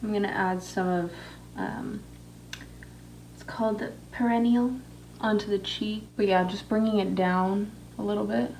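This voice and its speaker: A woman's voice: mid-range voice, steady tone, a little slow, creaky, a little mellow, far from the mic, slight background noise. Young woman vlogger, loose chatty swearing, a bit off-mic in a roomy space. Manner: casual, heavy swearing, many fillers. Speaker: makeup vlogger. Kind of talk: casual storytelling while doing makeup. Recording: echoey room, voice away from mic.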